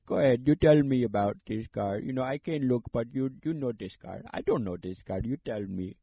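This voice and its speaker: A man's voice: mid-range voice, fairly quick, creaky, slightly rough, dry recording. A man acting out a car buyer with an exaggerated Indian accent, insistent and repeating himself in clipped phrases. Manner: pushy, repetitive, clipped grammar. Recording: dull lo-fi sound.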